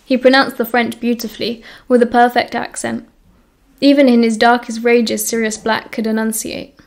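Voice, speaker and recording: A woman's voice: on the high side, moderate pace, gravelly. British woman narrating an audiobook. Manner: steady storytelling, voicing characters.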